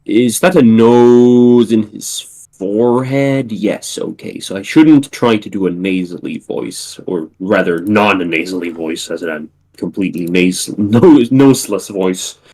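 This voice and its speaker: Slow, low-voiced rambling streamer. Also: male voice, darkish tone, low-quality recording. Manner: rambling, self-interrupting, swears casually. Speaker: livestream host. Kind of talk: casual livestream chat.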